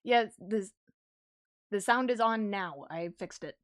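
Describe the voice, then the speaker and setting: A young woman streamer chatting casually with her viewers while she draws, easily excited and quick to laugh. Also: medium pitch, no room sound, clean studio sound. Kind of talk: casual livestream chat while drawing.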